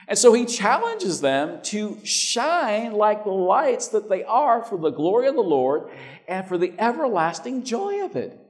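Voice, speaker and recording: A male preacher delivering a sermon in a relaxed, conversational way, often restarting his phrases. His voice sits a little high for a man. It rises and falls widely, with emphatic peaks and quiet stretches. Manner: conversational, repeats words when starting.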